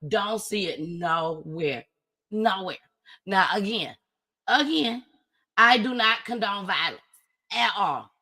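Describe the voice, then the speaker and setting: A woman hosting her own show, telling a personal story in an animated, casual way with big swings in pitch and loudness. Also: takes it slowly, pauses often. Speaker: host.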